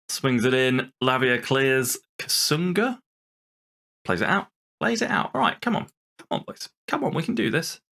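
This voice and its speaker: Brief: male game streamer, bright forceful tone, swears and rants while calling the play. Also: medium pitch. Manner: exasperated, swearing, ranting; lively play-by-play over a football game. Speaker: gaming channel host. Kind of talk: let's-play commentary.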